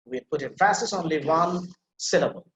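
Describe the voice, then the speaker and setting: A man's voice: on the high side, animated, moderate pace, echoey room, highs cut off, a little hiss or hum. A man with a Bangladeshi English accent teaching an English pronunciation class over a video call, explaining with many fillers and restarts and calling on students. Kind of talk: online class lecture.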